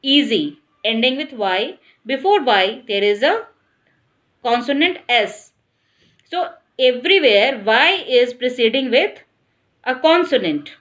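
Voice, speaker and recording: A woman's voice: fairly high pitch, animated, unhurried, fairly bright tone, muffled recording. A woman explaining an English grammar lesson, patiently repeating points and spelling words out letter by letter.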